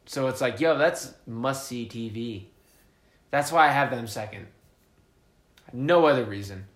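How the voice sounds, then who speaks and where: A man's voice: medium pitch, a little slow, fairly bright tone, echoey room. A young man co-hosting a casual sports podcast, joking, swearing freely and hyping himself up. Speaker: podcast co-host.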